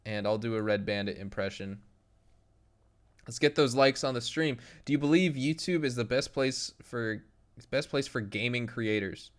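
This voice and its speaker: Young guy on a game stream, mid pitch, jokey, chatting with his viewers and laughing a lot. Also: normal speed. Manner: chatty, laughs often, banters with chat. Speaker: gaming streamer. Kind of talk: casual live-stream chat.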